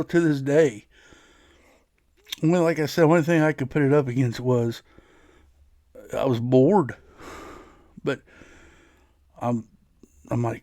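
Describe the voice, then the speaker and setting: A man's voice: medium pitch, a little mellow, no room sound, studio quality. A man hosting his own podcast, telling a personal story in a casual, rambling way, often restarting his sentences. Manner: rambling, frequent restarts and laughs. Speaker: podcast host.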